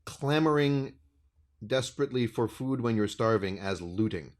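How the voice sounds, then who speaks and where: Mid-pitched male co-host, articulate and wordy, casual. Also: expressive, normal speed. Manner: thoughtful, wordy, restarts. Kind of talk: casual political chat.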